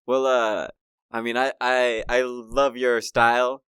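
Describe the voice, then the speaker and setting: A man's voice: mid-range voice, level tone, takes it slowly, a bit bright, clear, resonant tone, no echo, clean studio sound. A man co-hosting a casual podcast, easygoing and chatty. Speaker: podcast co-host.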